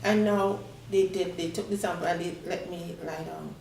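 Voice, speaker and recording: As a guest on a talk show in a studio, a woman from Tobago tells her story and acts out the voices of the people in it. Her lowish, darkish voice has vocal fry and a steady tone at a moderate pace. A distant mic in a roomy space picks her up with faint noise behind her.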